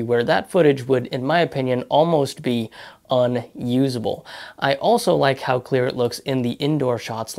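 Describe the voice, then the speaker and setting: A man narrating a product review in a measured, explanatory way. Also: medium pitch, vocal fry, darkish tone. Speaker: tech reviewer.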